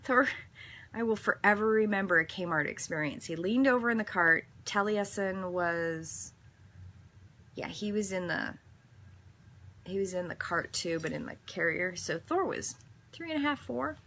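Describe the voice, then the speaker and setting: A woman's voice: mid-range voice, lively intonation, measured pace, bright, forceful tone, a little hiss or hum. A woman hosting a daily devotional, reading a passage and then reflecting in an earnest, meandering way with some self-corrections. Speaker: devotional host.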